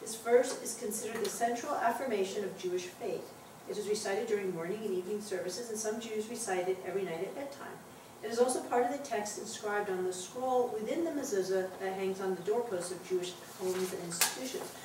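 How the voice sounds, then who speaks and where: A woman teaching a Hebrew class to adults, patiently explaining and reading words aloud slowly. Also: medium pitch, noisy background. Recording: very echoey classroom taped from far off.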